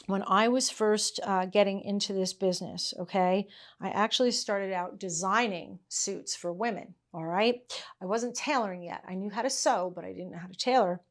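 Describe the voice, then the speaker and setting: A woman's voice: medium pitch, moderate pace. A middle-aged woman teaching tailoring in her workshop, chatting casually, laughing often and checking in with "okay?" and "all right?". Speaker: tailoring instructor. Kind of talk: casual teaching chat with anecdotes.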